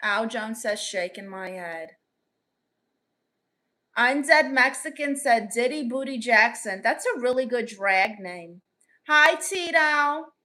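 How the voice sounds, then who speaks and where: A Brooklyn woman with a Brooklyn accent hosts a casual livestream, reading viewer comments aloud and firing back sassy, quick comebacks. Her voice sits on the high side, bright, expressive and forceful.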